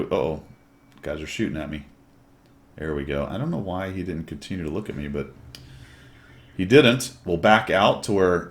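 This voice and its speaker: A man commenting on his own tank gameplay in a chatty, wry way, with jokey asides to viewers. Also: low-pitched.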